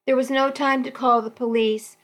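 A woman volunteer reading a romance novel aloud for a radio program, in a slow, measured way. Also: high voice, fairly even intonation, fairly bright tone. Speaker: volunteer reader.

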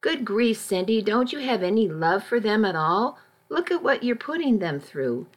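A woman's voice: medium pitch, sing-song, moderate pace. A woman voicing a weary, exasperated husband in an audiobook, blunt and reproachful. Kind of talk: audiobook reading.

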